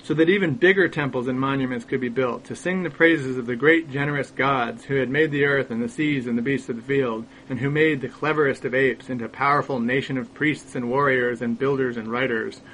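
Deadpan male storyteller. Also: mid-range voice, brisk, few pauses, slight background noise, rough recording. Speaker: narrator. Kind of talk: scripted narration.

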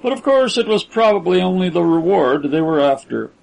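A man's voice: high voice, big pitch swings, brisk, vocal fry, a little mellow, heavily acted, low-quality recording. A man voicing a haughty, cold rich older man who speaks in a clipped, lordly way.

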